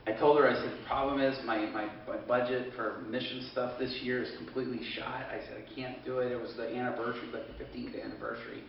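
A man's voice: medium pitch, animated, fast talker, creaky, hardly any pauses, slight background noise. A man preaching through a personal story, chatty and loose, constantly quoting others with "he goes." His voice is far from the mic and rings around a big, very echoey hall. The sound is dull and lo-fi. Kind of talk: storytelling sermon.

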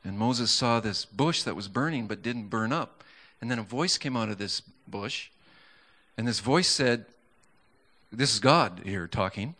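A man's voice: lowish voice, lively intonation, a little slow, sharp tone. A man preaching a sermon in a conversational storytelling way, with stammers and restarts, building to fervent emphasis.

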